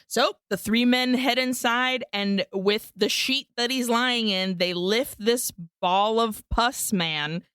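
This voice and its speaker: A woman's voice: a little high, slow pace, few pauses, a bit bright, clear, resonant tone, no echo, clean studio sound. A woman co-hosting a podcast, animatedly retelling a film plot in casual chat, laughing often and swearing freely, with Spanish words mixed into her English. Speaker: podcast co-host.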